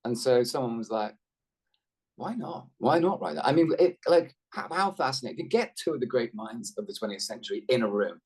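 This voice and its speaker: A man in middle age talks through a video call, his voice husky and swinging up and down as he rambles from one anecdote to the next. He stays chatty and self-deprecating, often restarting his sentences. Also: medium pitch, lively intonation, fast talker, few pauses, a little mellow. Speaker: actor guest. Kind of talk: casual interview chat.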